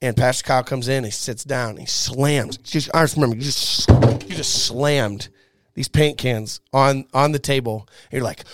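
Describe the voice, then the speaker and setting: A young man in a casual chat, telling a funny story with lively acted-out quotes and laughter. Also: mid-range voice, moderate pace.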